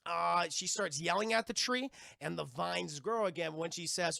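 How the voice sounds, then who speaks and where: High, gravelly man recapping a cartoon. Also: normal speed, no room sound, clean studio sound. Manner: animated, profane recap that acts out the characters' lines; addresses the stream chat directly. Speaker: streamer and cartoon reviewer. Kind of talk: live-streamed episode review.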